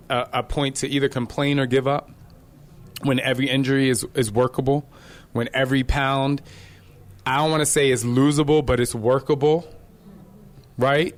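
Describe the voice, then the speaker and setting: Guy hosting a live podcast, mid-pitched voice, chatty and animated, talks straight to the crowd like friends. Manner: lively and direct, addresses listeners casually; animated storyteller with laughing asides. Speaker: podcast host and fitness trainer. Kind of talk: live podcast talk to an audience. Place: live event venue.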